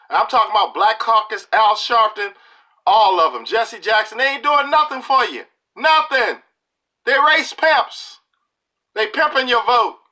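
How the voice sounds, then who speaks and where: A man's voice: very high voice, bright, forceful tone. A middle-aged man giving a preachy, emphatic political monologue to camera, talking colloquially and repeating lines for punch. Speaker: political video commentator.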